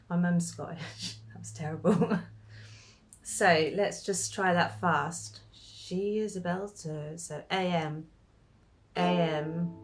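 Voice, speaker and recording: Chatty woman teaching ukulele chords. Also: fairly low pitch. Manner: chatty, self-deprecating, breaks into sung lines. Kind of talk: casual chord tutorial with singing. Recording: ukulele strummed behind voice.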